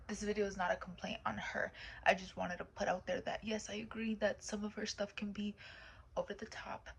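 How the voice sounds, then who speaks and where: A woman's voice: medium pitch, a little hiss or hum, poor audio. Blunt, swearing woman vlogger. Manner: blunt and profane, with frequent hushed, whispered asides. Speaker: commentary vlogger. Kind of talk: casual rambling commentary.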